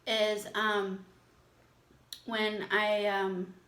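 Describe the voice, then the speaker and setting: A woman's voice: medium pitch, flat delivery, drawn-out words, fairly bright tone, reverberant. A woman hosting an eating show, chatting casually and teasing her husband, exclaiming as she talks. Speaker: mukbang host. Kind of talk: casual chat.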